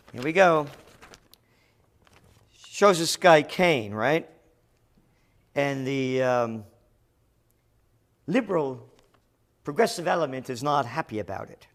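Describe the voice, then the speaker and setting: A middle-aged man delivering opinionated news commentary, sarcastic and emphatic. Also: a little high.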